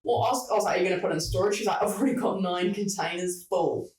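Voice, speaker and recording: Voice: medium pitch, very fast, a little hiss or hum. A podcast host telling a work story in casual chat, swearing freely and acting out the dialogue. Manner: chatty, swears freely, acts out quoted dialogue. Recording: roomy, distant mic.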